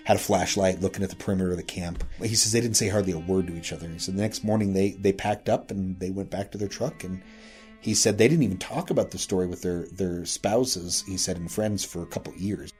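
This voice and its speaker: Low-voiced man telling a ghost story casually. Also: darkish tone, breathy edge. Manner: rambling, retells with frequent "he said" and "you know". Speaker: guest recounting a local ghost story.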